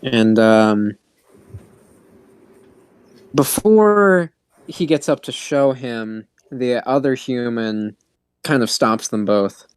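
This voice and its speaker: A man runs a tabletop game at a slow, easy pace, pausing on fillers as he narrates. His voice is smooth and resonant, recorded dry and close. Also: medium pitch, dry recording. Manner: unhurried, hesitant with fillers. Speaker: game master.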